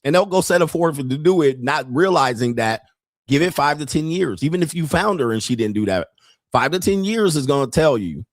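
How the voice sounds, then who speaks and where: A man's voice: a little high, lively intonation, a little fast, no room sound. Blunt profane man ranting, dry sound. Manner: blunt, heavy swearing, laughs often. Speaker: podcast host. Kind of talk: profane livestream rant.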